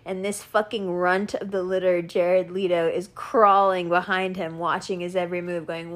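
A woman talking casually in an animated, profane rant, laughing and doing mocking impressions. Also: lowish voice, normal speed, few pauses. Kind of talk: casual rant about actors.

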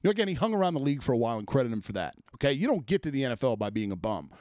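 A man's voice: medium pitch, very animated, very fast, a little mellow, dry recording, studio quality. A man ranting about sports as a host, blunt and exasperated, swearing freely. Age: adult, former offensive lineman. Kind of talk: profane sports rant.

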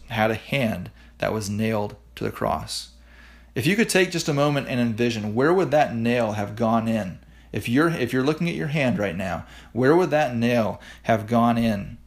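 A man's voice: mid-range voice, vocal fry. A man preaching a devotional podcast sermon, earnestly guiding listeners through a hands-on exercise, often restarting his words. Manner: frequent restarts and repeated words. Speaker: pastor. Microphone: podcast microphone.

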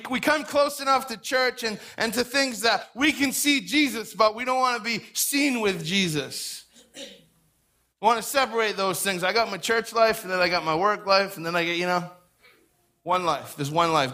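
A man preaching a lively sermon as pastor, acting out quoted voices and repeating words for emphasis. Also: high-pitched, normal speed.

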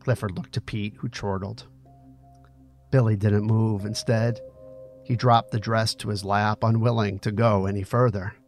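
A man reading a story aloud in steady, dramatic audiobook narration. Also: lowish voice, unhurried, soft background music.

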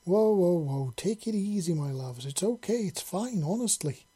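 A reader voicing a mischievous human man who calms his partners in a lifted, reassuring tone. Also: medium pitch, moderate pace, breathy edge, close to an everyday voice.

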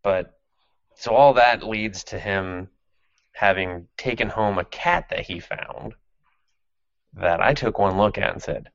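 A very low-pitched man hosts a podcast in a loose, sardonic chat, swearing freely and laughing as he goes. His voice is close and dry, without room echo. The audio is slightly dull and lo-fi. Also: slow pace, pauses often. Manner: sardonic and profane, with frequent laughs. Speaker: podcast host. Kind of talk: casual chat recapping an anime.

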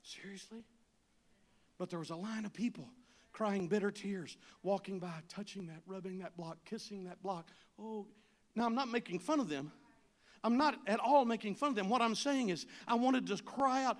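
A man preaching a sermon as pastor, telling a travel story and rising to shouted, pleading appeals. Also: high-pitched, normal speed.

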